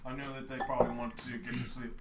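A man's voice: mid-range voice, monotone, fast talker, echoey room, very noisy. A man playing a jittery, folksy superhero with laser powers who rambles and stammers in live improv comedy. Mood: nervous.

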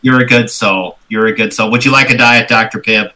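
A man's voice: lowish voice, fairly even intonation, a little fast, crowd noise. A man playing his character in a tabletop game, mild, polite and dryly apologetic. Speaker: player.

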